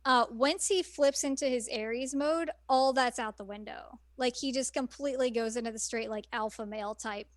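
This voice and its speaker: Female podcast co-host, relaxed rambling anime talk, higher voice, dry recording. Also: moderate pace, hardly any pauses, no echo. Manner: rambling, many fillers and restarts. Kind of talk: casual anime discussion.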